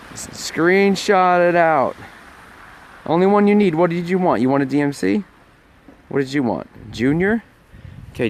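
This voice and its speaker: A man's voice: medium pitch, a little hiss or hum. A man hosting a casual live phone stream outdoors on a snowy street, chatting playfully with viewers while walking a dog. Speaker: livestream host. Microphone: phone held by hand.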